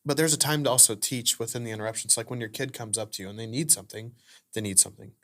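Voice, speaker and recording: A man's voice: medium pitch, rapid-fire, a bit bright. A man hosting a casual faith podcast conversation, chatty and full of filler words. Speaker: podcast host.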